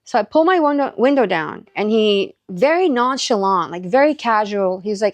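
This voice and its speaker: Animated and brisk, with hardly any pauses, a mid-range female voice tells a casual personal story thick with "likes" and reenacted back-and-forth. She is a Southern California mother who vlogs about faith and encouragement, and the recording is dry.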